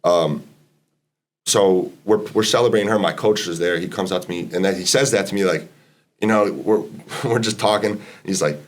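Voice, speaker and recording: A man's voice: low voice, moderate pace. A man in his twenties, a podcast guest, telling a long casual story with lots of fillers and quoted dialogue. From Massachusetts, US. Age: 20s. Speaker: podcast guest, college basketball player.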